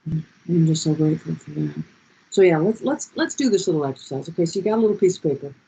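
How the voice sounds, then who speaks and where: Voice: mid-range voice, lively intonation, quick pace, creaky, mellow, slightly rough, poor audio. An adult leading a group session in a heartfelt motivational talk, passionate and repeating key phrases, over a video call.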